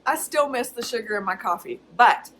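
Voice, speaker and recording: A woman's voice: on the high side, expressive, normal speed, fairly bright tone, a little hiss or hum, low-quality recording. A woman talking casually to her camera in a personal vlog, chatty and candid, often laughing. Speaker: vlogger.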